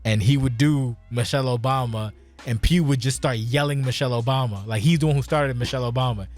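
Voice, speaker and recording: A podcast host talks fast in a mid-range voice over soft background music. Sounding tipsy, he chats casually, telling stories in a rambling, profane, animated way.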